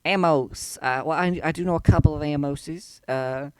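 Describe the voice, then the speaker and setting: A man voicing a nosy, suspicious female barkeep who talks in a halting, folksy drawl full of y'all. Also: fairly high pitch, a crowd in the background, lightly acted.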